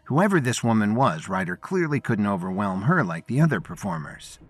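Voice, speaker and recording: A man narrating a story in scripted, expressive storytelling. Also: lowish voice, moderate pace, breathy edge.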